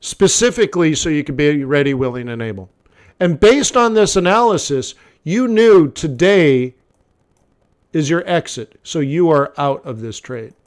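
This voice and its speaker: A man's voice: fairly high pitch, animated, a little slow. A man coaching a live forex trading session in a blunt, conversational way, talking straight to the viewer with lots of "okay" and "like". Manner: conversational, repeats phrases, many "okay" and "like" fillers.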